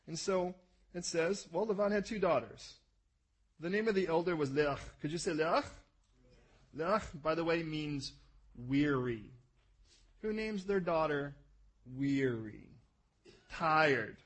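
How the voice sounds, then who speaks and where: A man preaching a conversational sermon, animated and joking, asking listeners to repeat words after him. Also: fairly high pitch, takes it slowly, pauses often, husky. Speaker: pastor. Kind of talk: sermon teaching.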